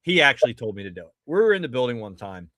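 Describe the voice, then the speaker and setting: A man's voice: medium pitch, big pitch swings, racing, pushed and bright, no echo. A man in a casual podcast chat, telling a long anecdote with frequent restarts and fillers.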